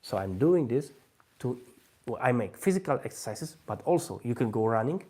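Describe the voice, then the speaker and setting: A man's voice: mid-range voice, sing-song, moderate pace, warm tone. Man talking through a live language tutorial. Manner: non-native English, many restarts, thinks aloud while demonstrating. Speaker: language-learning host.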